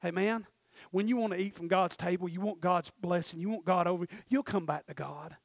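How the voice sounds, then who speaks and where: A middle-aged man delivers a sermon in a high-pitched voice. He drops to a near hush and then climbs to shouted exhortation. The sound is close and dry, with no room around it. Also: fairly quick, gravelly, no echo. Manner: swings from quiet confiding to shouted preaching. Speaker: pastor.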